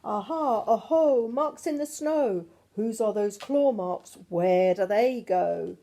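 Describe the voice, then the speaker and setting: A woman reading aloud and voicing a young gruffalo child, eager and brave, in a raised, excited storybook voice. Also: sits high, a little slow, voice pushed up.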